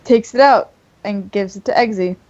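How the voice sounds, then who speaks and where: A woman's voice: medium pitch, moderate pace, darkish tone, no room sound. Dry, lo-fi woman player. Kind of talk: tabletop game chat.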